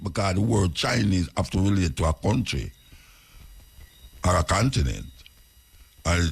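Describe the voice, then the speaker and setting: A man's voice: low-pitched, vocal fry, slightly rough. A radio host with a Jamaican accent, delivering a talk monologue and questioning and urging his listeners.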